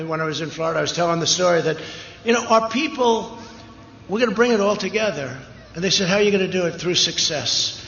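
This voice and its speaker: A man's voice: sits high, pushed and bright, highs cut off, slight background noise. A man giving an off-the-cuff speech at a large outdoor rally, emphatic and repetitive, with rambling asides. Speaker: political rally speaker. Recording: echoey PA sound at a rally, cheering crowd behind. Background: crowd cheering.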